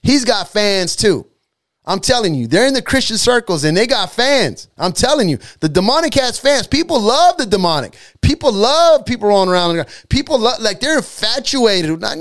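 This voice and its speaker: A man preaching with fervor, his voice sitting high for a man. He talks in a loose, street-casual way and hammers points by repeating them. The sound is dry and close. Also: big pitch swings, moderate pace, fairly bright tone, no echo. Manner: impassioned, street-casual, repeats lines for emphasis. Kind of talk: sermon.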